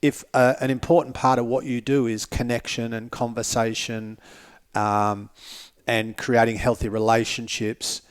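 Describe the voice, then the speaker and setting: A man's voice: medium pitch, little pitch movement, unhurried, clean tone. A man, a motivational speaker guesting on a podcast, talking reflectively and candidly, with casual swearing. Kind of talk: casual conversation.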